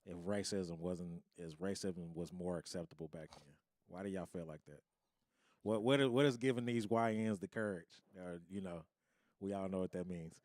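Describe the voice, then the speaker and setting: A man's voice: deep voice, moderate pace, a little mellow, no room sound, studio quality. A man on a casual podcast, asking blunt, probing questions and swearing freely. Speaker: podcast co-host.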